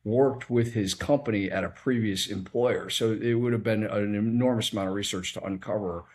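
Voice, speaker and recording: Man hosting a relaxed interview. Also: lowish voice, normal speed. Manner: reflective, builds on the guest's stories with his own example. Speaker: interview host. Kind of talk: casual interview.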